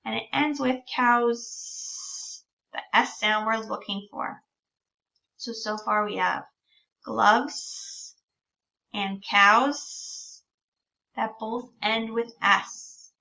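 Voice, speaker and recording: A woman with a bright, fairly high voice guides young children through a speech-sound lesson, sounding out each word and drawing it out. She speaks very slowly and patiently. The recording is dull and lo-fi, and she sits a little away from the mic. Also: vocal fry, distant mic. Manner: slow, drawn-out sounding out of words. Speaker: teacher.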